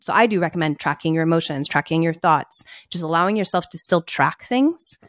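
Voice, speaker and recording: A young woman co-hosting a casual podcast chat, animated and acting out her own past thoughts. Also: deep voice, brisk, dry recording, clean studio sound.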